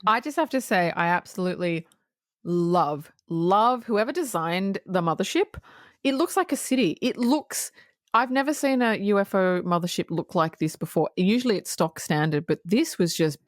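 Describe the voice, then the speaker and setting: A woman's voice: lowish voice, lively intonation, moderate pace, dry recording, studio quality. A woman co-hosting a podcast, chatting casually about a film and retelling scenes with lots of swearing and quoted asides. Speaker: podcast co-host. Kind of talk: casual film review chat.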